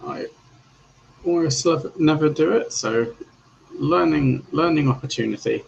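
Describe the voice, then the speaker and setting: A man's voice: fairly high pitch, a little slow, gravelly. A man chatting while he draws, with dry self-deprecating humour. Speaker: artist on the stream. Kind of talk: casual chat while drawing. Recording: dull lo-fi call audio, faint noise.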